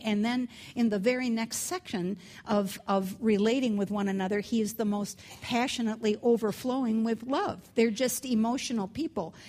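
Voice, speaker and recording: A woman's voice: fairly high pitch, darkish tone. A woman teaching a Bible lesson in a conversational way, with chatty asides. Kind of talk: scripture teaching talk.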